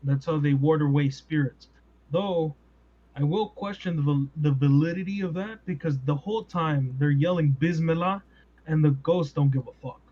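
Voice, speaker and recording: Animated male podcast host, lo-fi. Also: a little high. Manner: animated, rhetorical questions, quick asides. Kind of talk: casual chat. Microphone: podcast mic. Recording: dull lo-fi sound.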